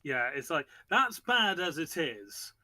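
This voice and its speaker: A man's voice: fairly high pitch, sing-song, takes it slowly, sharp tone. A man hosting a casual book chat, rambling with many fillers and restarts. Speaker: podcast host discussing a book.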